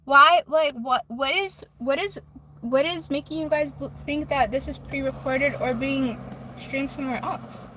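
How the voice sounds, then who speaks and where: A woman chats casually on a phone livestream from her car. She reads viewer comments aloud and answers them in a high, bright, sharp voice. Faint noise sits under the audio. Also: measured pace. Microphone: phone camera.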